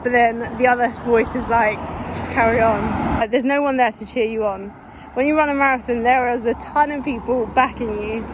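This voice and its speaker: A woman's voice: fairly high pitch, steady tone, fairly quick, background noise. A woman vlogging while running on a street, out of breath with a dry mouth, talking into a phone she holds, rambling and earnest. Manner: rambling, earnest, restarts often. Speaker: fitness vlogger. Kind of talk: casual vlog while running. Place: outdoors on a street. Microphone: phone held in hand.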